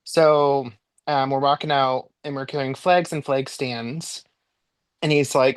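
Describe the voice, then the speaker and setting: Guest storyteller, male, chatty and lively, middle pitch, dry recording. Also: slow pace, clear, resonant tone, dry recording. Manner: animated, jumps high in pitch when replaying his own panic; chatty with frequent likes and ums. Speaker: podcast guest. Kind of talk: casual storytelling.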